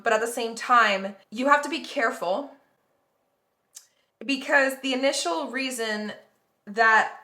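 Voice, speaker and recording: A woman talks through a tarot spread in a loose, rambling way, full of "like" and "um". Her voice is bright and forward, and the sound bounces around an echoey room. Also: mid-range voice. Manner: rambling, conversational, reassuring, many fillers. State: yawning, tired. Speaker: tarot reader. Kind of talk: casual tarot reading to viewers.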